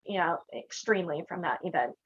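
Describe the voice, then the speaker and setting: A woman chatting casually as an interview guest, playful and blunt, jumping in with quick jokes. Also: on the low side, animated, slightly rough, muffled recording. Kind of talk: casual chat.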